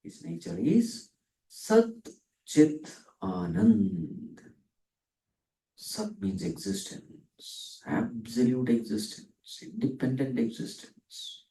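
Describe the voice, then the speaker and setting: A man's voice: mid-range voice, lively intonation, gravelly, mellow. A man giving a spiritual discourse, asking questions and answering them himself, lingering on Sanskrit words. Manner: asks and answers his own questions; dwells on Sanskrit terms, drawn out slowly. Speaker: spiritual teacher. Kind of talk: Vedanta discourse. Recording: echoey room, from a distance.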